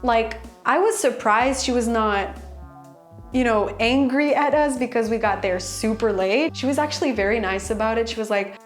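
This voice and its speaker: A young woman chatting excitedly in a casual storytime vlog, full of "like" fillers. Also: a little high, moderate pace, faint music behind. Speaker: vlogger.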